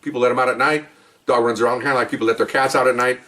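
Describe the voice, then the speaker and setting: A man's voice: medium pitch, fairly even intonation, rapid-fire, sharp tone, recorded from a distance. A middle-aged man who is a police officer, telling his own stories in a rambling, chatty way full of asides. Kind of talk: casual spoken storytelling.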